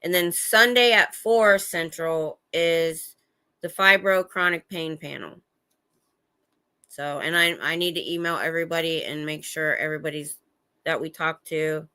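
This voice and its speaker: A woman's voice: low-pitched, measured pace, sharp tone, clear, resonant tone. A middle-aged woman hosting a rambling, casual livestream from home. She chats, often trails off and restarts, and answers viewers' comments as she goes. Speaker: livestream host. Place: at home indoors.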